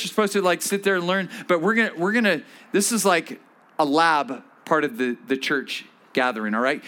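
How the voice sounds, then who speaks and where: A man preaching as pastor, telling a story in an animated way and acting out the voices of the people in it. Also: high-pitched. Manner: animated, acts out quoted voices. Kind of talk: sermon storytelling.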